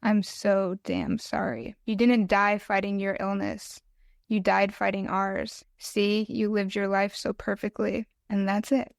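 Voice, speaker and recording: A woman reads her own poem in a smooth, clear voice that stays flat and restrained, her delivery halting and tearful. The sound is dry and close, with no room around it. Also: mid-range voice, no echo. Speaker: podcast guest, mental health advocate. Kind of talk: reading her own poem aloud, then conversational interview.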